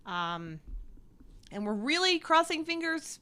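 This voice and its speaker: A woman's voice: high-pitched, sing-song, slow, sharp tone. Chatty woman co-hosting a live show. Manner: chatty, giggly, many fillers. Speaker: co-host. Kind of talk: casual live-stream chat.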